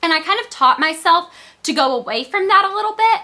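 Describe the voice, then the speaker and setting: A teenage girl from the Southern US with a Southern accent and a squeaky voice, chatting casually and rambling to camera. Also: expressive, a little fast, pushed and bright. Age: teens. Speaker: beauty vlogger.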